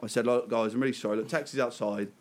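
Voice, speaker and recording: A man around thirty rattles through a story at a fast clip, swearing freely and breaking into laughs. His pitch sits in an ordinary middle range, and the delivery is loose, chatty and unscripted. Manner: laughing, swearing, lively anecdote telling. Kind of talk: casual storytelling chat.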